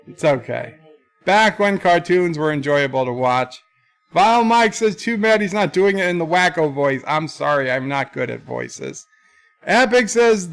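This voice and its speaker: High-voiced man singing and chatting on stream. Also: creaky. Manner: sings list songs then reads chat aloud, joking. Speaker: livestream host. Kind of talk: casual livestream chat, singing along.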